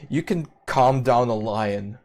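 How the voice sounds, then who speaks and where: A man's voice: mid-range voice, takes it slowly. A man co-hosting a podcast, chatting casually with friends, swearing a lot and talking over them. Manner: profane, talks over others, loud bursts. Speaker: podcast co-host. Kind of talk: casual chat.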